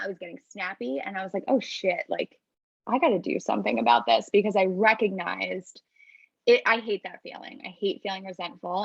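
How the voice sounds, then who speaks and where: A woman's voice: medium pitch, vocal fry, no echo, lo-fi sound. A woman therapist co-hosting a podcast, talking candidly and reflectively about her emotions, swearing casually, recorded over a remote call. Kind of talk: casual chat.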